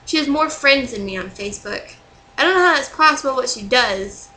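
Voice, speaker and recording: A woman's voice: high voice, animated, a little fast, pushed and bright, low-quality recording. A young woman talking casually to camera in a vlog, rambling and exasperated, still angry and swearing freely. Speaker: vlogger.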